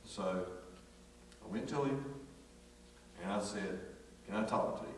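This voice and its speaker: A man preaching a sermon, telling a folksy, animated story full of acted quotes. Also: lowish voice, measured pace, slight background noise. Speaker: pastor. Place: church sanctuary. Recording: echoey church hall from far off.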